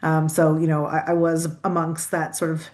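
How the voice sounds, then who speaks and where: A woman's voice: low-pitched, monotone, normal speed, darkish tone. A Canadian woman with a Canadian accent, answering interview questions in a chatty way, with many restarts and fillers, over a video call. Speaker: guest.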